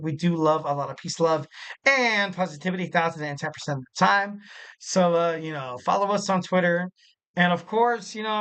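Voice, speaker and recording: A young man hosting a wrestling podcast solo, talking casually in a rambling, animated way with frequent laughs. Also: high-pitched, clean tone, low-quality recording. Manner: rambling and animated, full of "like" and "you know", laughs a lot.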